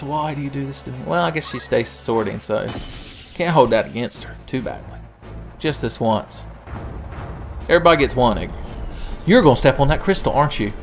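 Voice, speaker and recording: Profane joking man over game music. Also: mid-range voice. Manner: profane, jokey, does silly voices. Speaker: gaming channel host. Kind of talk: let's play commentary.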